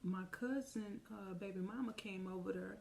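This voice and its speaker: A woman with a gravelly voice at a middle pitch, telling a personal story for a casual storytime vlog. She talks to her viewers like friends and acts out the lines of the people she is quoting. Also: moderate pace, darkish tone. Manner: chatty, addresses viewers directly; vivid retelling with quoted dialogue. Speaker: storytime vlogger.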